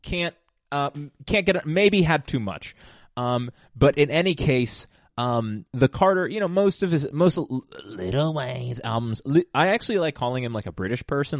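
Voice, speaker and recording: A man's voice: mid-range voice, expressive, normal speed, dry recording, clean studio sound. A man hosting a casual rambling monologue, digressive and self-mocking, with many fillers and restarts. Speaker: podcast host.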